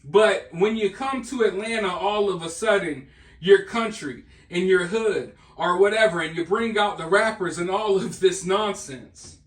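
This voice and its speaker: High-voiced man ranting, echoey room. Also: unhurried, a bit bright. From Southern United States. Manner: emphatic, scornful, talks straight to viewers. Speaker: political commentary host. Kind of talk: opinionated monologue commentary.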